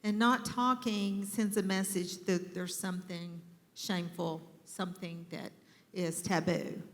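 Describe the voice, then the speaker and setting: A woman's voice: lowish voice, steady tone, unhurried, big-room sound. Firm, direct woman giving advice. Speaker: group discussion participant. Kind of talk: earnest advice in a group discussion.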